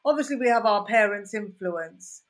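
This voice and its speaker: Guesting on a podcast, this Birmingham-born comedian talks at a moderate pace in a mid-range voice, her local accent clear. Her relaxed chat drifts through rambling anecdotes peppered with lively asides.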